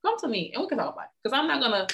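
A woman's voice: on the high side, very animated, racing, vocal fry, fairly bright tone, a little hiss or hum. A woman co-hosting a casual chat, earnest and teasing by turns. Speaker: podcast co-host.

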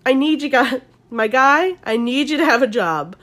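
A woman's voice: high-pitched, animated, normal speed, fairly bright tone. A young woman hosting an ASMR-style recap, talking chattily with lots of fillers and casual swearing. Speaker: podcast host recapping a reality show.

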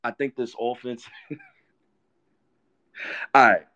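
Profane ranting man, heated and loud. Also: medium pitch, steady tone, slow pace, lo-fi sound. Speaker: sports fan show host. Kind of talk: ranting fan commentary.

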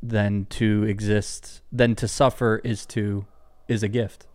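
A man's voice: lowish voice, level tone, slow, darkish tone, no echo. A man hosting a podcast interview, asking questions in a thoughtful, searching way. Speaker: podcast host. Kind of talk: interview questions, casual chat.

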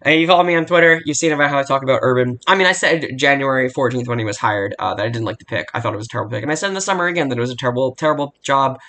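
Profane, rambling young podcast host. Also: male voice, mid-range voice, rapid-fire, few pauses, sharp tone. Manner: profane, blunt, rambling with restarts. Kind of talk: casual solo sports betting podcast. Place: home room near a barking dog.

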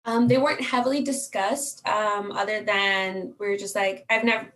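A woman in her twenties, a guest on a podcast interview, speaking in a quieter, relaxed and measured way. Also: medium pitch. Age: 20s. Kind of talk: casual interview conversation.

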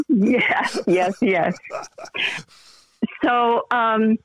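An older actress being interviewed, talking in a rambling, effusive way with lots of fillers and restarts. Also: female voice, fairly high pitch, extremely slow, no room sound, rough recording. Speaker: actress guest. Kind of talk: casual interview chat.

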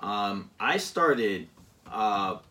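A man chatting casually, rambling and pausing with many fillers as he recounts a season of a football video game. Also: fairly low pitch, lively intonation, pushed and bright, far from the mic. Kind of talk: casual chat.

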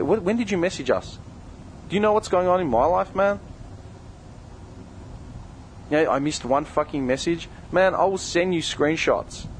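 A man's voice: fairly high pitch, slight background noise, low-quality recording. A young man who co-hosts a podcast, delivering a heated, confrontational rant full of swearing. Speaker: podcast co-host. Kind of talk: angry direct-address rant.

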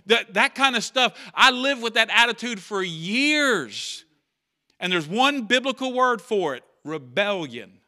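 A man's voice: high-pitched, expressive, unhurried, bright, forceful tone. A man preaching a sermon in church, talking conversationally, repeating key phrases and acting out quotes. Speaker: pastor.

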